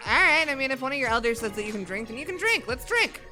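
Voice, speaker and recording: Playful woman player, lively voice. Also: high-pitched, fast talker, music in the background. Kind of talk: tabletop role-play.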